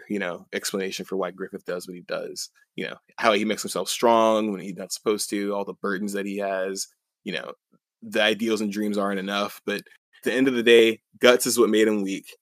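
A young man casually recaps a story on a podcast, rambling and full of fillers. His voice sits fairly low, and the recording is dry and close. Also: flat delivery, moderate pace, a bit bright, dry recording. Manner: rambling, filler-heavy, chuckling. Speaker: podcast co-host.

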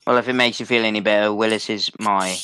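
Bright-voiced man, dry humor. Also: fairly low pitch, steady tone, fast, clean tone, no room sound. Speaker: player. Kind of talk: casual tabletop game chat.

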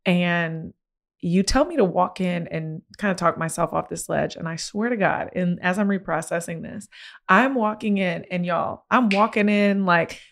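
Reliving a personal moment, this young podcast host becomes expressive and animated, peppering her candid account with "like." Her voice sits slightly low, and she talks at a normal speed.

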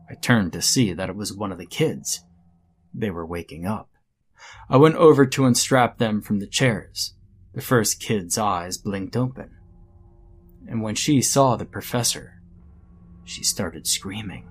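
A man's voice: lowish voice, unhurried. A man narrating a scripted first-person horror story in a dramatic storytelling manner.

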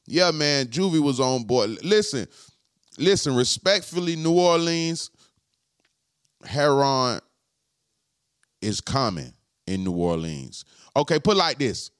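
A man hosting a podcast, talking to his live chat in a slangy, profane way and repeating his points slowly. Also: mid-range voice, clean tone, dry recording, studio quality. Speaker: podcast host. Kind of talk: casual live-stream chat.

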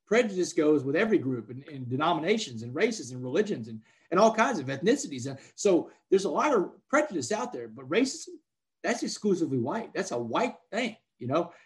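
This man in his forties has a sing-song, somewhat high voice and speaks fairly quickly. A motivational speaker appearing as a podcast guest, he tells personal stories in casual, emphatic conversation and keeps peppering his speech with "man."

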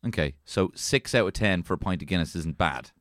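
A man with a Dublin Irish accent trades wry, teasing quips as a podcast co-host. His low voice moves through a lively, animated range. The recording is dry and close. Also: a little fast, dry recording. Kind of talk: casual chat.

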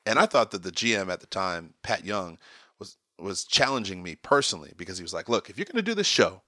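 Middle-aged guy yakking away, bright lively voice, low-ish pitch, dry close sound. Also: fast talker, no echo. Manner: animated, excitable storyteller. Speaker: guest. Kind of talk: casual podcast storytelling.

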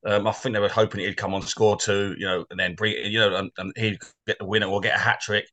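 A man's voice: on the low side, little pitch movement, fast talker, pushed and bright. A man, co-hosting a podcast and telling rambling stories about football. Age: 40s. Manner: rambling, anecdotal, laughs easily. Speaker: co-host. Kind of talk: casual football chat.

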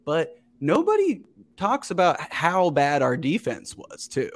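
A man chatting casually on a podcast, an animated storyteller who swears freely. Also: a little high, measured pace. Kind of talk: casual chat.

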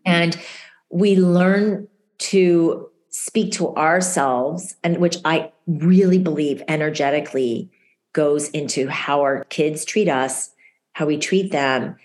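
A woman guest speaking in casual conversation, animated and earnest, giving encouraging advice. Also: deep voice, slow. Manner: animated storyteller, quotes others vividly. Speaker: guest author.

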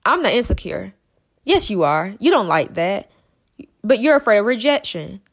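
A young woman hosting a podcast, talking fast and emphatically in a monologue, repeating herself and stumbling over words. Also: medium pitch, very animated. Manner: emphatic and repetitive, fast with stutters. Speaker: podcast host.

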